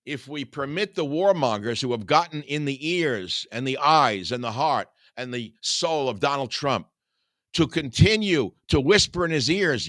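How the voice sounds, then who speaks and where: Hosting a talk show, an older man reads from scripture before breaking into a fervent, preachy rant that climbs into angry outbursts. He speaks at a moderate pace in a very animated, mid-range voice with a fairly bright tone. The radio studio recording is dry and clean.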